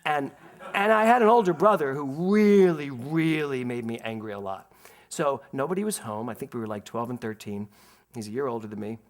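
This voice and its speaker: A man's voice: mid-range voice, normal speed. A middle-aged man from Philadelphia, preaching a sermon to his congregation and acting out a family story. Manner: animated storyteller, laughs and acts out voices, speaks to the congregation. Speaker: minister. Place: spiritual center sanctuary.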